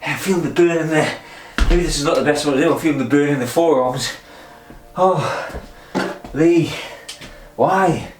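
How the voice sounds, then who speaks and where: Speaking quickly with hardly any pauses, a man with a higher voice counts his pull-ups in an echoey room. The vlogger is breathless, laughs at himself, and keeps up a casual running commentary during his memory challenge.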